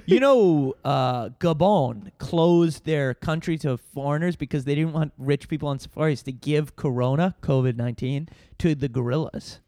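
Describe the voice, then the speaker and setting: A man co-hosting a comedy podcast, joking with quick asides. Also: on the high side, mellow, no room sound, clean studio sound. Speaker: podcast co-host. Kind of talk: casual comedy chat.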